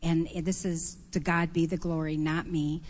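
A woman on a church panel calmly telling a story in a thoughtful, unhurried way. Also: low voice. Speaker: panelist, prophetic minister. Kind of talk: reflective storytelling.

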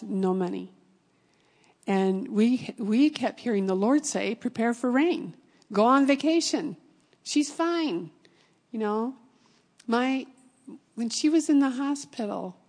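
Middle-aged woman preaching, earnest, soft husky voice, big echoey hall. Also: medium pitch. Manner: earnest, drops into whispers for emphasis. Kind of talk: sermon with personal testimony. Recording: long hall reverb.

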